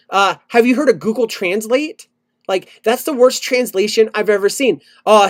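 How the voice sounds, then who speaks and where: A man co-hosting a podcast, ranting loudly in casual chat and swearing a lot. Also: high-pitched, moderate pace, no room sound. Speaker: podcast co-host.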